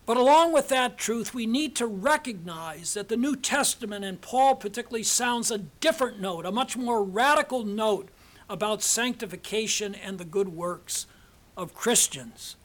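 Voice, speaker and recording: An older man, a seminary professor, giving a measured, deliberate theology lecture with frequent pauses. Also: sits high, lively intonation, a bit bright. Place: seminar hall.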